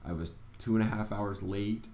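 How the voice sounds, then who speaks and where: A man's voice: lowish voice, fairly even intonation, normal speed, warm tone, echoey room, a little hiss or hum. A man vlogger earnestly telling a personal story, acting out his own reactions along the way. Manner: earnest, retelling events with quoted reactions.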